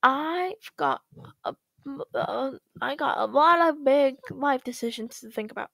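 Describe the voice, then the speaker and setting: A woman voicing a dreamy young male bee, speaking softly and hesitantly. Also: high voice, a little slow, creaky, dry recording, full character voice.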